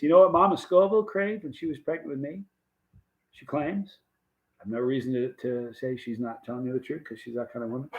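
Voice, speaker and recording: A man's voice: on the high side, phone-quality sound. A man hosting a livestream, rambling in a folksy, casual way and reading out viewer comments. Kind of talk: casual chat.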